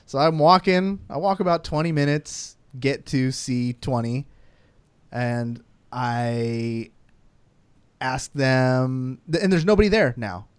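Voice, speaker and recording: A man co-hosting a podcast, telling an animated, profane travel story with lots of "like"s and frequent laughs. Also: medium pitch, takes it slowly, clean tone, dry recording. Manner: animated, profane, rambling anecdote with many "like"s. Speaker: podcast co-host. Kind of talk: casual storytelling.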